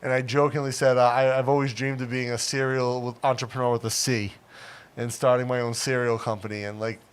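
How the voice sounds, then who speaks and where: A man's voice: medium pitch, level tone, brisk, clean tone. A middle-aged man hosting a casual livestream, chatty and rambling, with many fillers. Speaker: livestream host.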